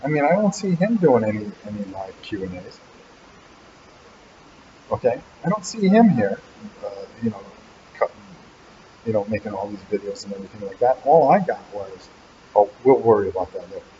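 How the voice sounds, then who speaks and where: Male host, lowish dark voice, teasing rambling live chat, muffled webcam audio. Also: big pitch swings, moderate pace, pauses often, slight background noise. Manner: teasing, rambling, joking about a helper. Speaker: channel host. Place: animal hospital waiting area.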